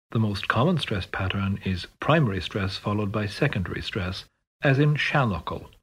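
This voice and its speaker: A man narrating a pronunciation course in a measured, scripted way, announcing sections and rules. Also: lowish voice, husky.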